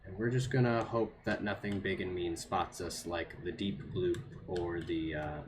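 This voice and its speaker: During a game stream, a man speaks in a low-pitched, steady voice at a moderate pace against background noise. Nervous, he talks to himself and his chat, repeating phrases as things get tense.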